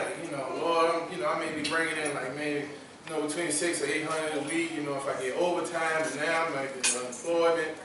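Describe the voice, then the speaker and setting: A young man giving a testimony sermon, talking casually and repeating phrases, building up to shouted preaching. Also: on the high side, a little hiss or hum. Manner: conversational, repeats phrases for emphasis. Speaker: youth service speaker. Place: large church hall. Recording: echoey church hall from far off.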